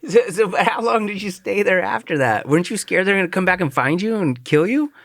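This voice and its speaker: A man's voice: high voice, expressive, brisk, a bit bright, dry recording, studio quality. A man hosting a podcast in casual chat, reacting briefly and asking eager follow-up questions. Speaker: podcast host.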